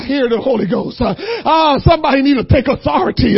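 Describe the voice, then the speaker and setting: A man preaching a sermon, moving from quiet, low passages to shouted, crying exhortation, and he breaks his phrases with "uh". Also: brisk, creaky, few pauses, husky. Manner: punctuates phrases with "uh".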